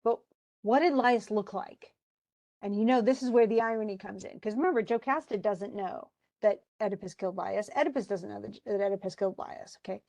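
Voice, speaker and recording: A woman teaching a class, retelling a play in a lively, casual way with slangy asides. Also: medium pitch, fast, gravelly, hardly any pauses.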